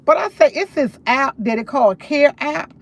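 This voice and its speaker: A woman's voice: sits high, moderate pace. A woman livestreaming, retelling a conversation in a casual, emphatic way. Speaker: livestream host.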